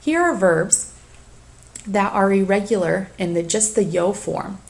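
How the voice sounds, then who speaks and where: A woman teacher giving a recorded lecture for a flipped class, slowly reading lists of verb forms and giving assignments. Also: mid-range voice, vocal fry, slight background noise. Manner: deliberate, reads conjugations aloud in lists. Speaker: Spanish teacher.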